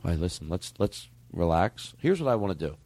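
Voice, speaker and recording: Male comedy podcast host, middle-aged, rambling and profane, lively delivery. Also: low-pitched, fairly quick. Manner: rambling, profane, self-mocking.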